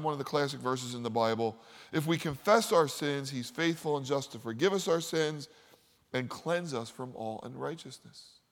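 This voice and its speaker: A man preaching a sermon, telling stories and swinging from loud, lively lines to quiet, hushed ones. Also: a little high. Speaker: pastor. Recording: long hall reverb.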